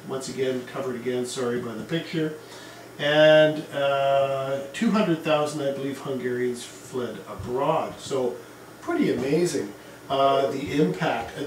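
A man's voice: a little high, a little hiss or hum. A man giving a casual history lecture to a class, talking in a conversational way with asides and fillers. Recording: echoey room, mic at a distance.

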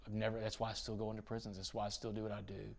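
A man's voice: lowish voice, racing, gravelly. A man from Texas, a podcast guest telling a dramatic story in an interview. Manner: dramatic storytelling, rising to excited bursts.

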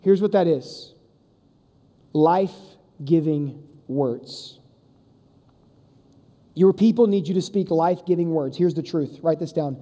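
Casual high-voiced man preaching. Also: slow, pauses often, dark tone. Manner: casual, conversational, emphatic. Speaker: youth pastor. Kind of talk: sermon. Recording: long reverb of a large hall.

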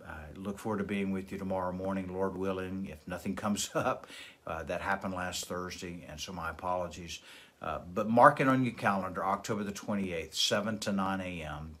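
A man's voice: deep voice, fairly bright tone. A man as a pastor giving a daily Bible devotional, earnest and emphatic, with small fillers.

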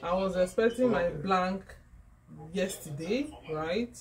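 Filmed on a handheld phone, this woman vlogger chats casually and excitably, packing her stories with asides. She starts out in a car and ends up in a small office at home. Her voice is fairly low and she speaks slowly.

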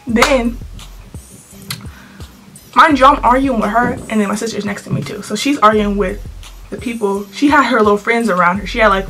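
A teenage girl telling a storytime vlog to her camera in an animated, sassy way, full of slang. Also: medium pitch. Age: teens. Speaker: vlogger.

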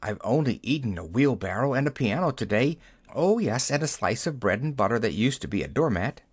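A man's voice: mid-range voice, animated, brisk, slightly rough. A man reading an audiobook, voicing a young girl who speaks frankly and honestly. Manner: frank, matter-of-fact. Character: young girl Dorothy, plain-spoken and honest.

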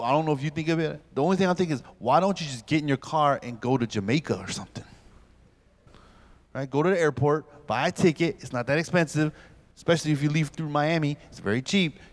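A man in his forties gives a pastor's morning lecture to a youth camp. His voice sits a touch high, and he tells comic stories with lively, animated delivery, acting out little scenes as he goes. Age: 40s.

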